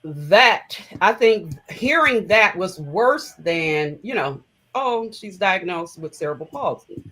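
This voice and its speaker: Middle-aged woman, guest on an interview, tells her story slow and heartfelt, kinda halting. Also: fairly low pitch, sing-song, a bit bright, husky, poor audio. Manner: heartfelt, reflective, recounting memories in halting phrases.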